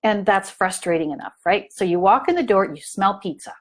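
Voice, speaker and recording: A woman's voice: medium pitch, lively intonation, fairly quick. A woman giving a live parent training, telling an everyday story and asking her listeners questions, with many fillers. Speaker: family consultant giving a training. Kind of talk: live online training talk.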